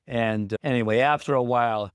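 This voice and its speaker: A man's voice: medium pitch, brisk, clear, resonant tone, no echo. A man who runs a small business, telling a candid personal story in a vlog, plain-spoken and reflective. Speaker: small business owner in recovery.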